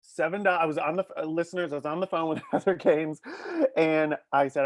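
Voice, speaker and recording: A man's voice: fairly high pitch, fairly even intonation, brisk, no room sound, clean studio sound. A young man hosting a comedy podcast in a playful, theatrical way, joking with his co-host. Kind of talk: casual comedic chat.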